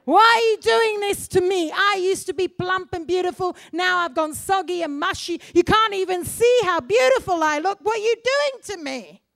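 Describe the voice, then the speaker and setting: A woman voicing a small male strawberry that is eager at first, then pleads and shouts as it suffers. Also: very high-pitched, lively intonation, unhurried, no room sound, clean studio sound, heavily acted. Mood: distressed.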